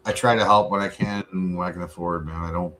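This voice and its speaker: A man's voice: sits low, steady tone, fast talker, fairly bright tone, a little hiss or hum. A man chatting casually and bluntly, swearing often and getting worked up as he talks, at home. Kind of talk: casual profane chat.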